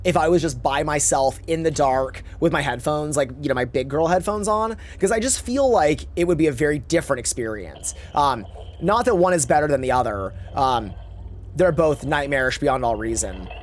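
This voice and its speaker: Campy chatty male streamer, lively pitch. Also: moderate pace, slight background noise. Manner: chatty, rambling, campy slang, reads chat aloud. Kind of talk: casual live-stream chat while gaming.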